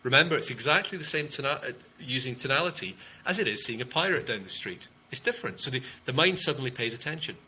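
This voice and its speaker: A man, a communication coach, explaining ideas in an interview and demonstrating tone with loud and soft delivery and long pauses. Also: medium pitch, lively intonation, husky, rough recording. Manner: demonstrative, shifts loudness and uses long pauses to show tonality.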